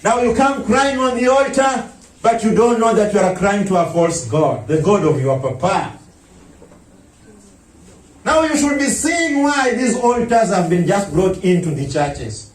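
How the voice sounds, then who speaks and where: A man preaching a sermon as a pastor, breaking into shouts and mocking impressions of others. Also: sits high, sing-song, measured pace. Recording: echoey room, mic at a distance.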